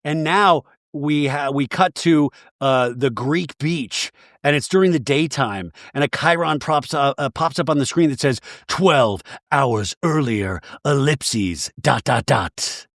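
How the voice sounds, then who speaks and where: A man hosting a podcast, recapping a show in an animated, profane, joking way with frequent laughs. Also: fairly high pitch, a little slow, no room sound, studio quality. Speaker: podcast host. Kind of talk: comedic episode recap.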